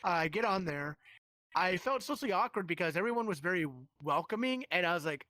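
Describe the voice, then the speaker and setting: A man's voice: sits high, lively intonation, normal speed, bright, forceful tone, no echo. A man who streams, telling a rambling, heated story in casual live-stream chat with many restarts.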